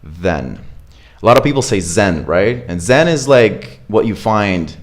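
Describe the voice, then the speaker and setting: A man giving a live pronunciation lesson, demonstrating sounds slowly and repeating words, checking in with "right?". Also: lowish voice, animated. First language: Russian. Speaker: accent coach.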